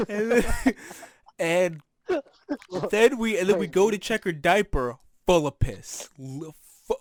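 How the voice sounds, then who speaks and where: A young man co-hosting a casual podcast, telling stories in a lively way, laughing and swearing often. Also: high-pitched, takes it slowly, pauses often, no echo, clean studio sound. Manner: animated storytelling, swears often, laughs a lot. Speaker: podcast co-host.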